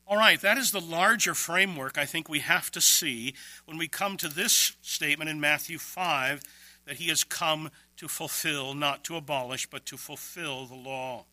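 A man preaching an expository sermon, emphatic, with quick bursts and slow, stressed words. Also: a little high, pushed and bright, dry recording.

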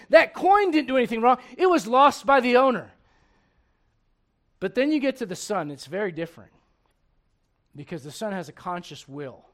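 A middle-aged male pastor gives a humorous, conversational sermon in a very high-pitched voice, shifting between loud outbursts and hushed lines.

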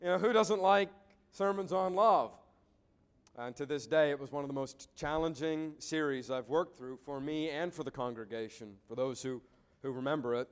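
Male pastor, fairly high voice, earnest sermon delivery, repeats words mid-thought. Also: normal speed, smooth. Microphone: preaching to a congregation.

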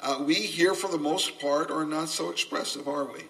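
An older man preaching a sermon, earnest and gently humorous, a self-described subdued speaker. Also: on the high side, steady tone, moderate pace, creaky. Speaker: pastor. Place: church sanctuary. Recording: voice from a distance off the mic.

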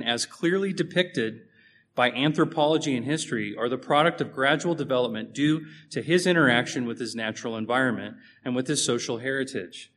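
A man's voice: medium pitch, a bit bright. A man preaching a sermon, emphatic and conversational, putting rhetorical questions to his congregation.

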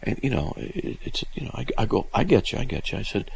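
Low gravelly radio guy, voice jumps all over when he gets going, chatty storyteller. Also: quick pace, a little hiss or hum, poor audio. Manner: animated storytelling with restarts, lively and amused. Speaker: radio show host. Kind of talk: casual call-in radio talk.

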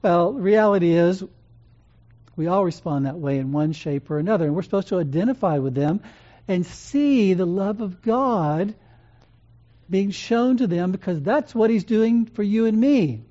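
An earnest preacher with a warm, mellow tone speaks in a gentle, measured way, pausing often. The recording sounds dull and lo-fi. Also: medium pitch, expressive. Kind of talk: sermon.

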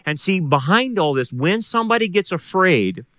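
A man's voice: sits high, very animated, moderate pace, pushed and bright, no room sound, studio quality. A middle-aged man preaching a sermon as pastor, asking the congregation rhetorical questions.

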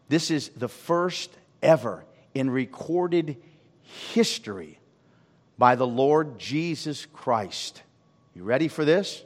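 A man preaching a sermon as pastor, swinging from loud calls to hushed asides. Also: medium pitch, lively intonation, takes it slowly. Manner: preaching with sweeping rises and drops in volume. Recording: long reverb of a large hall.

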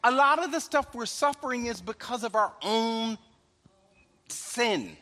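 A man preaching a sermon in a relaxed, conversational way, tossing in "right?" asides and chuckles, recorded in a church hall with long reverb. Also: extremely high pitch, unhurried. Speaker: pastor.

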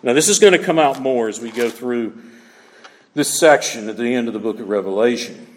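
A man preaching a sermon as a pastor, expressive, acting out small everyday scenes as he teaches. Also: mid-range voice, a little fast. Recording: reverberant hall.

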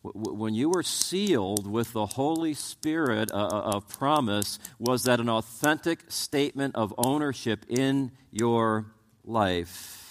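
A male pastor delivering a sermon in a medium-pitched voice. He preaches with animated swings between soft and loud, peppering his talk with rhetorical questions. He often stumbles into stammered restarts before pressing on. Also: a little slow, a little hiss or hum.

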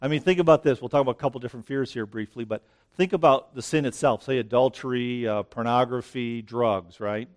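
Speaking briskly with hardly any pauses, a mid-range male voice preaches outdoors amid dense greenery. He's a little out of breath and chatty, constantly asking "right?" to engage the listeners.

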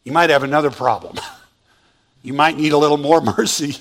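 A male pastor preaching a sermon as lively storytelling, asking the congregation questions. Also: fairly high pitch, moderate pace.

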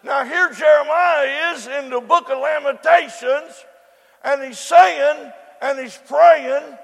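An older man, preaching a sermon that moves from soft prayer to shouted preaching. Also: very high voice, takes it slowly, creaky. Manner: prays softly, then preaches in rising shouts. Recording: echoey hall with long reverb.

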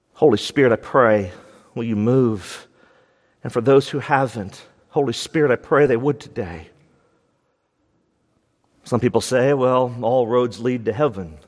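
A man preaching a sermon as pastor, fervent, with big swings between raised and hushed passages. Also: mid-range voice, long reverb tail.

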